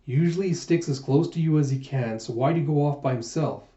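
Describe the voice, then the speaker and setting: A man voicing a bossy, sharp-tongued young male healer in a manga read-aloud, his pitch pushed up and his tone scolding. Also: a little fast, close to an everyday voice. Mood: exasperated. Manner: scolding, exasperated. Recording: echoey room, dull sound.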